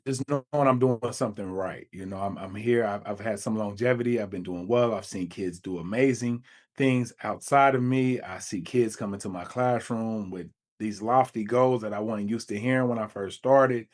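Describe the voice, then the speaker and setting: A man, a teacher co-hosting a podcast, reflecting in casual chat over a video call and acting out quotes with a higher voice. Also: moderate pace. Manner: reflective, acts out quotes with a jump in pitch.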